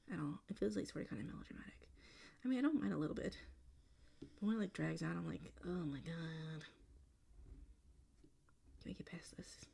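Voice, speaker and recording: A young woman vlogger chatting casually and rambling, with lots of filler words, frequent laughs and occasional dips into a soft whisper. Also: mid-range voice, gravelly. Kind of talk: casual chat while drawing.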